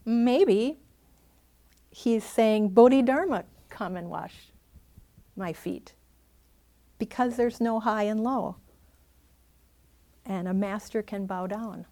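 Woman teacher, dharma talk, thoughtful, hedging, quick to laugh, mid-pitched voice. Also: darkish tone. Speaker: meditation teacher.

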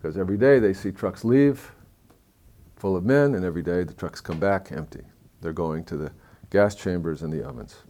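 A man telling a story in a talk, moving between hushed, somber passages and lively, excited stretches. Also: low voice, normal speed.

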